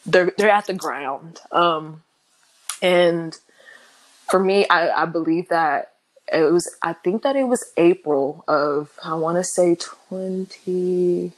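Appearing as a guest in an interview, a young woman talks openly, her speech halting and full of fillers and restarts, brightening up when she quotes others. Her voice is on the low side, in a rough recording.

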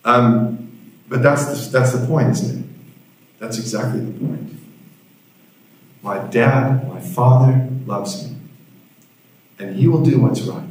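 A man's voice: medium pitch, slow pace, long pauses, darkish tone. A male pastor preaching a sermon, telling a story with dry humor, recorded in a church hall. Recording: heavy room echo.

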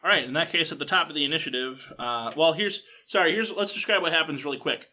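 A man's voice: a little high, quick pace, pushed and bright. A man running a tabletop game as game master, narrating in a loose, chatty way with many fillers.

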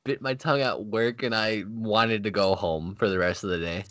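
A man's voice: on the low side, steady tone, moderate pace, a bit bright, dry recording. A man on a podcast making short, blunt, emphatic remarks during casual banter.

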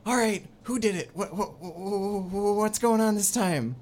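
A woman voicing a gruff, fussy male dwarf official who sputters out accusations, with faint noise behind. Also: medium pitch, moderate pace, darkish tone, pitched above the performer's own voice, close to an everyday voice. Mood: accusing.

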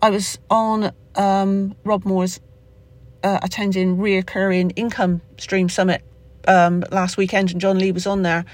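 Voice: mid-range voice, level tone, a little slow, dry recording. A podcast host with a Somerset accent talking off the cuff in a solo episode, rambling with lots of fillers and restarts. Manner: rambling, with many fillers and self-corrections. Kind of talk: unscripted solo podcast monologue.

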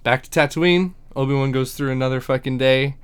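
Man, podcast co-host, casual chat, profane, joking, smooth resonant voice, mid pitch. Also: fairly quick. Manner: profane, joking, acts out characters' lines. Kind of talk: casual chat recapping a TV episode.

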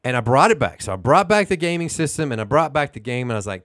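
A man in his thirties rants through a story on a casual podcast. His pitch swings widely, and he fires off rhetorical questions. The recording is dry and close. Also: quick pace, few pauses, dry recording. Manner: animated, indignant storyteller, asks rhetorical questions. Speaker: podcast co-host.

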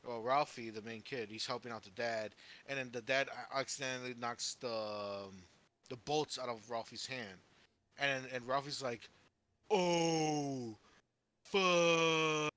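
A man co-hosting a casual podcast, telling a favorite film story in a rambling, excited way with lots of fillers and swearing. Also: mid-range voice, normal speed. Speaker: podcast co-host.

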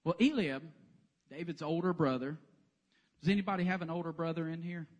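A man's voice: fairly high pitch, a little fast. A man preaching a sermon in a church sanctuary, telling the story with humor. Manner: animated, joking storyteller. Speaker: pastor.

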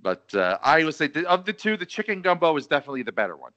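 A man's voice: on the high side, big pitch swings, fast talker, bright, forceful tone. A man co-hosting a podcast in casual chat, rambling and tripping over his words. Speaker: podcast co-host. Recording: dull lo-fi mic.

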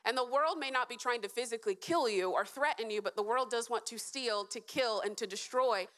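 Woman preacher, fairly high voice, earnest and encouraging sermon talk to a live audience. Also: a little fast, fairly bright tone. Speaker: speaker at a church event.

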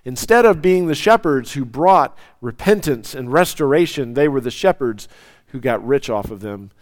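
A man preaching a sermon, swinging from loud, soaring lines down to near whispers. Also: medium pitch, lively intonation, normal speed, no echo. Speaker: pastor.

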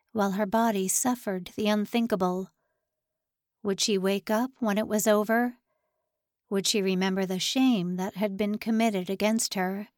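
A woman reads a novel aloud as an audiobook narrator, calm and measured in her storytelling. She takes her time, unhurried and even, and the close microphone sounds dry with no room around it. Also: medium pitch, no room sound.

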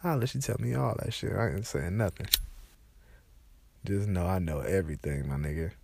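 A man's voice: deep voice, moderate pace, gravelly, breathy edge, no echo. A young man with a congested, stuffed-up voice, telling loose, profane stories in a casual rant. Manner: loose, profane, animated storytelling.

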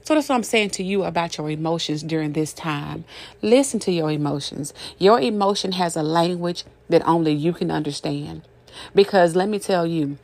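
A woman's voice: fairly low pitch, vocal fry. An older woman giving a casual inspirational talk, folksy, repetitive and emphatic, often laughing. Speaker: motivational speaker.

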